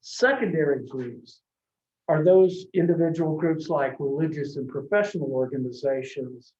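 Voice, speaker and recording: A man's voice: on the high side, dark tone. A man teaching a college marketing class, talking conversationally with anecdotes and frequent restarts. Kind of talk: classroom lecture. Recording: echoey classroom from a distant mic, dull sound.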